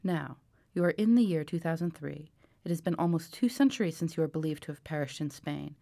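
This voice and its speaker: A woman reading the lines of a gentle, earnest old man who speaks patiently and firmly. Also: deep voice, expressive, a little fast, vocal fry, dry recording. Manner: patient, apologetic, firm.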